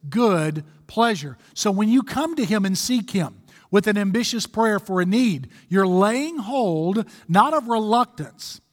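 High-voiced male preacher in a reverberant hall. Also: animated. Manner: emphatic, exhorting, drawn-out slow phrases. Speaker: pastor. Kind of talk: sermon.

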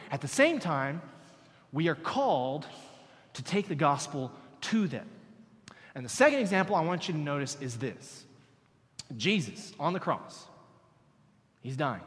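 A preacher with a slightly high voice in a reverberant hall. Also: male voice. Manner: animated preaching that drops to hushed intensity. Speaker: pastor. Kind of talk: sermon.

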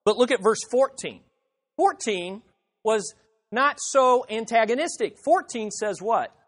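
A man's voice: very high voice, animated, unhurried, a bit bright. A man preaching an expository sermon, emphatic, repeating phrases and acting out the objections he quotes. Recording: reverberant hall.

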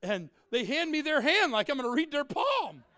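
High-voiced, joking preacher. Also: male voice, moderate pace, no echo, studio quality. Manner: animated, joking, shouts and drops to asides. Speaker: pastor. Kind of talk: humorous sermon.

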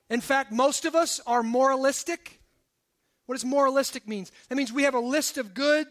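A male pastor preaching a sermon to his congregation, swinging between forceful emphasis and hushed low asides. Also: normal speed. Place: church service.

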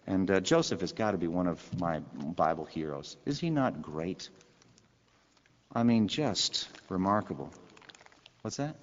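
A man's voice: low-pitched, lively intonation, measured pace, long pauses, long reverb tail, highs cut off, a little hiss or hum. A pastor preaching a sermon in a conversational way, asking his listeners rhetorical questions.

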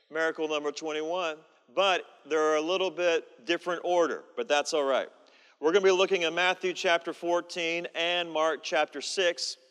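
A man's voice: a little high, fairly bright tone, clear, resonant tone, big-room sound. A man preaching a sermon as pastor, leading the congregation in repeated declarations and preaching emphatically. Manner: leads congregation in call-and-response declarations; emphatic, repetitive preaching with a slow build. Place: large church hall with live congregation.

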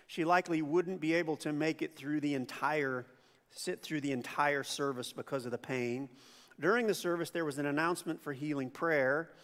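A man preaching a sermon as pastor, conversational and animated, acting out quotes as he tells stories. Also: on the high side, moderate pace, big-room sound. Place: church auditorium.

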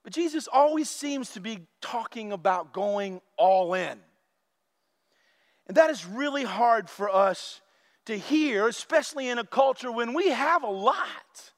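A man preaching a sermon in a lively way, acting out the voices of puzzled listeners and disciples. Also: very high voice, unhurried. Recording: long reverb of a large hall.

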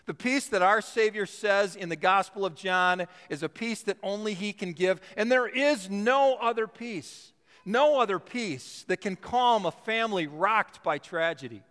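Here the pastor's voice is high-pitched with a fairly bright tone as he delivers his sermon, emphatically lengthening the words that matter most. The sound carries the long reverb of a church sanctuary.

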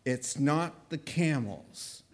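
Animated preaching man, slightly high voice. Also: very slow. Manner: animated preaching, voices God's words in first person. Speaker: pastor. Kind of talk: sermon.

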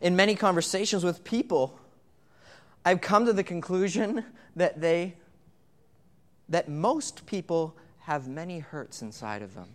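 A man's voice: high-pitched, a little slow. A man gives a sermon in a church, asking the congregation questions and drawing them in. His delivery is conversational, and he often repeats words as he starts a phrase. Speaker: pastor. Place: church sanctuary.

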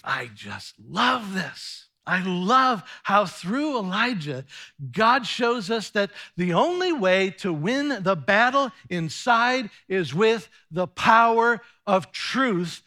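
Slow, bright-voiced preacher man. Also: sits high. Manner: slow, earnest preaching with fillers and restarts. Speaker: pastor. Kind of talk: sermon.

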